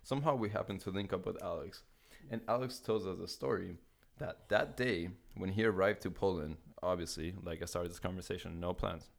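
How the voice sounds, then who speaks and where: Young man from California with a low voice, casual podcast storyteller who swears a lot and acts out the voices of the people in his story. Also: a little fast, vocal fry. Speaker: guest telling a travel story.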